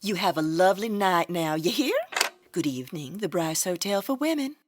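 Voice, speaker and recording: A woman's voice: on the low side, expressive, normal speed, background noise, natural voice. A woman playing a gossipy Southern belle hotel desk clerk with a strong Southern US accent in a comedy audio drama. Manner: sugary, nosy, theatrical.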